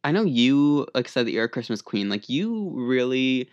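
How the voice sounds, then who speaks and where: A man's voice: medium pitch, very animated, moderate pace, lo-fi sound. A young man co-hosting a podcast, chatting casually with a teasing, opinionated edge. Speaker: podcast co-host. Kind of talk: casual chat.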